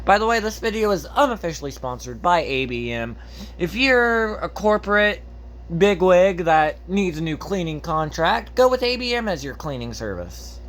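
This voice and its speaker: A man's voice: sits high, very animated, moderate pace, a bit bright. A man hosting a casual unboxing video, rambling and joking as he goes off on tangents, with the odd swear word. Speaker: host.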